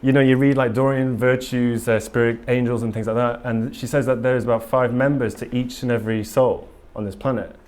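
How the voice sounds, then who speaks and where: This conference speaker talks a little quickly in a medium-pitched, slightly mellow voice, with fairly even intonation and hardly any pauses. Addressing a live audience in a conference room, he rambles earnestly, restarting often and saying um a lot.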